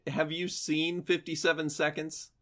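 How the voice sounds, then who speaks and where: A man's voice: on the high side, flat delivery, a little slow, fairly bright tone. A man co-hosting a podcast who chats in a friendly way, laughs often and asks the guest questions. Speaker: podcast co-host. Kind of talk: casual chat.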